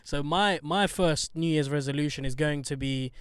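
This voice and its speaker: A man's voice: on the high side, normal speed, clear, resonant tone, no echo, clean studio sound. A man co-hosting a podcast from a parked car, chatting in slang and joking around. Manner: joking, slangy, hypes things up. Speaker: podcast co-host. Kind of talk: casual chat. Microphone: handheld mic.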